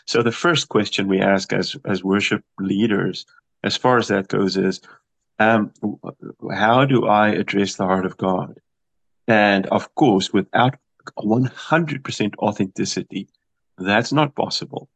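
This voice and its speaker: A man's voice: fairly low pitch, a little slow, creaky, husky. A middle-aged South African man with a slightly American-tinged accent, a worship producer talking animatedly in an interview and restarting his phrases often. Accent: South African with some American. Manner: animated, emphatic, thinks aloud with restarts. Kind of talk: radio interview.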